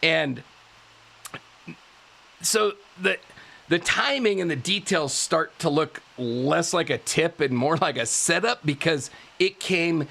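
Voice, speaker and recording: A male podcast host telling a true-crime story in a casual way, animated, laughing often and tripping over his words. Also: a little high, slow pace, creaky. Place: live podcast studio.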